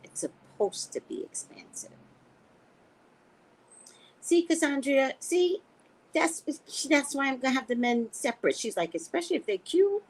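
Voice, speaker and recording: An American woman hosting a casual livestream, chatting with viewers and telling stories in a playful, profane, animated way. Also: unhurried, pauses often, low-quality recording. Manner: animated storytelling with sharp pitch jumps, profane and playful. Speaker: psychic and livestream host. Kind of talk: casual livestream chat reading comments.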